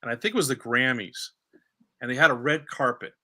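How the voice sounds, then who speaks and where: A man, a comedian hosting the conversation, telling a story in animated casual chat. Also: mid-range voice, fairly quick. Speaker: comedian host.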